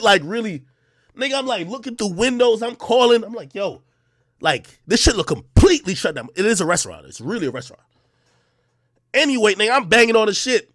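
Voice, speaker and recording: A man's voice: sits high, fairly bright tone, no room sound, clean studio sound. A man streaming live, telling a story to his chat in casual, profane slang and acting out the dialogue.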